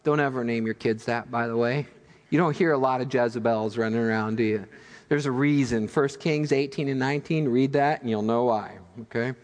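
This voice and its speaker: A man preaching a sermon as pastor, telling stories in an animated, humorous way. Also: medium pitch, brisk, long reverb tail. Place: church sanctuary.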